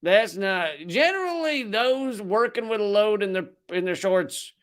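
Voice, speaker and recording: Guy doing a southern drawl, folksy working man, slow and high. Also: animated, a bit bright. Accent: American Southern.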